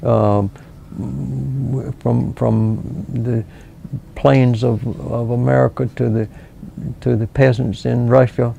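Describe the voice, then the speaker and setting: An older man from South Carolina, a local author and historian answering interview questions slowly, with many pauses and restarts. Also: mid-range voice, flat delivery, dark tone, a little hiss or hum. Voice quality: gravelly.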